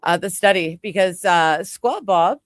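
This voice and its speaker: A woman's voice: lowish voice, unhurried, no room sound, studio quality. A woman in her forties hosting a casual chat podcast, giggly and rambling, full of fillers and restarts. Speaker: podcast host.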